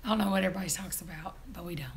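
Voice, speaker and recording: A hoarse woman, hosting a casual live-stream chat, chatty and quick to laugh. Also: fairly low pitch, steady tone. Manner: chatty, laughs often, teasing. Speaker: vlog host.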